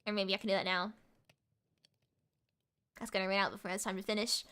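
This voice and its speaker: A young woman streaming and chatting with viewers, talking fast and giggling, with a mixed American and British accent. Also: mid-range voice, flat delivery, pushed and bright, clear, resonant tone. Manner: rapid, giggly, repeats words. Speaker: VTuber streamer. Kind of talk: casual live-stream chat with viewers.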